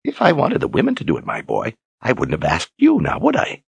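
A man voicing an eccentric old male wizard, gruff and commanding, who bellows his orders. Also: mid-range voice, wildly swooping pitch, a little fast, no room sound, voice pushed up, full character voice.

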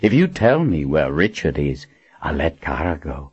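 A man's voice: very deep voice, big pitch swings, moderate pace, a little mellow, slightly rough, dull audio, pitched below the performer's own voice, full character voice. A man voicing a cruel, smug male villain with a cold, taunting manner, in a storybook reading.

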